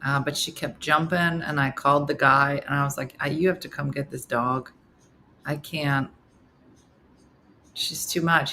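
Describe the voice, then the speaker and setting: Here a deep-voiced, middle-aged woman chats casually with viewers on a live morning show, working through their comments. Animated in her storytelling, she acts out whoever she's quoting, and a little hiss or hum sits under the recording.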